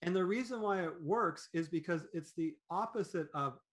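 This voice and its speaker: Lively, animated man with a higher voice. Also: moderate pace. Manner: animated, acts out quoted thoughts in voices; rambling, with many fillers and restarts. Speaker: podcast guest, business owner. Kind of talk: conversational interview.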